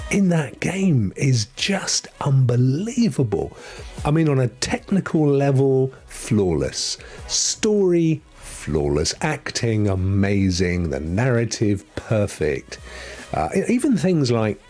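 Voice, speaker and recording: Husky chatty man. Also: mid-range voice, sing-song, measured pace, a little mellow, faint music behind. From London. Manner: chatty, rambling, drops into whispered asides. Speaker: host. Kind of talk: casual live-stream chat.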